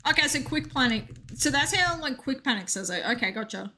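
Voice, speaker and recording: Young woman game streamer, higher and bright, chatty and jokey, reacting to chat. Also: expressive, brisk. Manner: chatty, reads chat aloud, joking asides. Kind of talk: casual live-stream chat.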